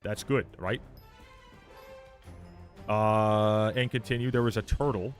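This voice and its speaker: A man's voice: on the low side, steady tone, slow, faint music behind. A man streaming live, reacting to a game trailer in sarcastic, profane commentary, often repeating words and restarting his sentences.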